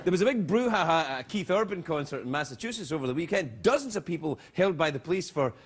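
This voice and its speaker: A man's voice: on the high side, animated, fast talker. A Scottish man hosting a late-night show, joking and bantering playfully in mock-indignant style, recorded in a TV studio. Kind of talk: comedic monologue banter. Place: TV studio with live audience. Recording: loud studio audience and noise.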